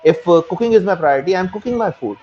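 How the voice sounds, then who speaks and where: A man with a Punjabi-influenced Indian English accent answers in a fairly high voice and explains in an earnest way, coming back to his points again and again. The recording sounds muffled and lo-fi. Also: expressive, fast talker, a little mellow, a little hiss or hum. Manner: earnest, explains with repeated phrases. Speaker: interview guest, French learner. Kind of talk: casual interview.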